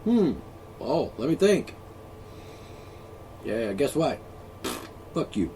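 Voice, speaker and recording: A man's voice: mid-range voice, big pitch swings, slow pace, dark tone, slight background noise. A man ranting alone, profane and sarcastic, mocking the people he is angry at. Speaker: ranting vlogger. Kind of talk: angry solo rant.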